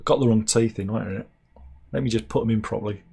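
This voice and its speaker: A man's voice: fairly low pitch, quick pace, vocal fry, noisy background. A man giving rambling, sarcastic comic commentary on news stories, with mock-serious asides. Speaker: satirical news vlogger.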